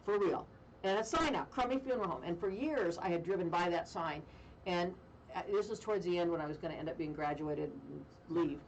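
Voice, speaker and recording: A woman radio host telling a funny story in casual chat, animated and self-mocking, with deadpan jokes. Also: fairly low pitch, fairly quick, recorded from a distance, dull audio, a little hiss or hum. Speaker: radio talk show host.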